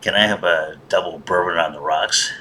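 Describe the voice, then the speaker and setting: A man voicing a loud, brash French male dog who demands drinks. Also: low-pitched, normal speed, slight background noise. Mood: demanding.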